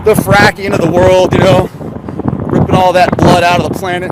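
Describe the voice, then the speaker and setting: A man's voice: high-pitched, level tone, moderate pace, heavy background noise. A man livestreaming from his car, rambling casually with sarcastic rhetorical questions. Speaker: conspiracy vlogger. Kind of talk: casual livestream chat while driving.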